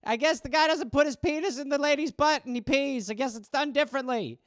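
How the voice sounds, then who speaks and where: A man's voice: a little fast, a bit bright, no echo. A man putting on the voice of a six-year-old boy who answers back with wisecracks, in a clean, dry recording. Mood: squirming. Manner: wisecracking, squeaky and mock-adult.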